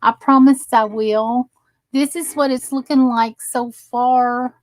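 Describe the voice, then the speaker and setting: A woman's voice: on the high side, steady tone, slow pace, dry recording, low-quality recording. A tired woman chatting casually with viewers while she crafts on a live stream. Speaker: crafting livestream host.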